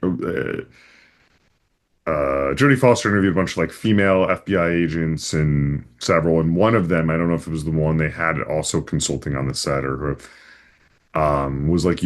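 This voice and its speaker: A man's voice: extremely low pitch, moderate pace. A man co-hosting a casual movie podcast, rambling with lots of fillers and restarts. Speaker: podcast co-host.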